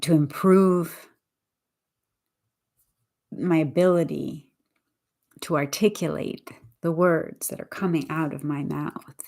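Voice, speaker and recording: Low-voiced woman teaching on a livestream. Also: fairly even intonation, creaky, a little mellow. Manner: thoughtful, deliberate, with frequent restarts. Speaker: English teacher. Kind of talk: casual livestream talk.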